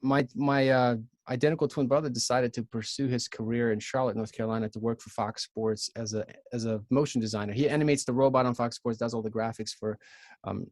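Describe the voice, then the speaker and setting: A man in his thirties from Ukraine with a Ukrainian accent, a podcast guest telling his story in an earnest, halting way with many restarts. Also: mid-range voice, fairly even intonation, a little mellow, no room sound, clean studio sound. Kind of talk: casual storytelling.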